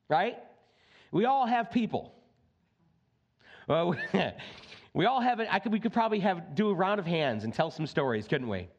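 Male pastor with a fairly high voice, preaching casually and acting out the quotes. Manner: conversational, folksy preaching with acted-out quotes. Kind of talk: sermon. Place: church sanctuary.

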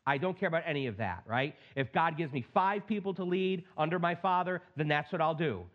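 A middle-aged male pastor preaching a sermon in an animated, plain-spoken way with joking asides. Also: fairly high pitch, brisk, lo-fi sound.

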